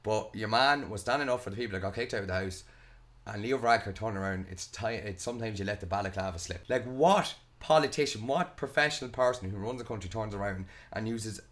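A man's voice: fairly low pitch, quick pace, a bit bright. A young Irish man ranting in a casual podcast chat, swearing a lot and retelling arguments. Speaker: podcast host.

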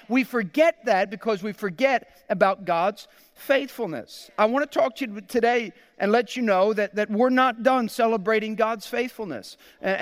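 A man's voice: high voice, smooth, in a large hall. A man in his thirties preaching a sermon as pastor. He speaks earnestly and often repeats words as he goes.

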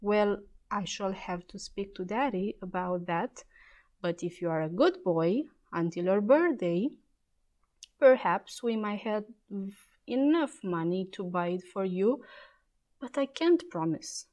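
A woman voicing a kind, gentle mother in a storybook reading, speaking in a coaxing, motherly way. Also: mid-range voice, expressive, measured pace, natural voice.

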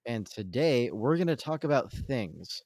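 A man's voice: mid-range voice, big pitch swings, a little slow, darkish tone, dry recording, clean studio sound. A young man from the Central Coast of California, co-hosting a podcast in casual, self-deprecating, joking chat. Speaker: podcast co-host.

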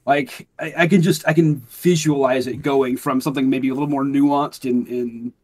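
A man's voice: medium pitch, steady tone, moderate pace, darkish tone. A man in casual chat, walking through a movie scene with many fillers and wry remarks. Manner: rambling, filler-heavy, wry. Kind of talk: casual chat reviewing a film.

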